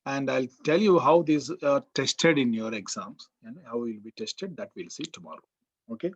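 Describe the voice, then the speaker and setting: A man's voice: medium pitch, lively intonation, moderate pace. A man with an Indian English accent giving a college grammar lecture, repeating key words and quizzing the class. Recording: dull, muffled lo-fi sound.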